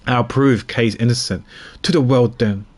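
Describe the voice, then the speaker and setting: A man's voice: mid-range voice, normal speed, close to an everyday voice. A man voicing a stern male prosecutor who stands firm against an accusing chairman in a game. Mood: defiant.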